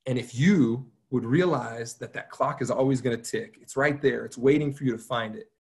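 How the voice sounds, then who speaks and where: A man voicing a wise, patient old grandfather in a sermon story, speaking softly and low. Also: moderate pace, close to an everyday voice. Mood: calm, instructive.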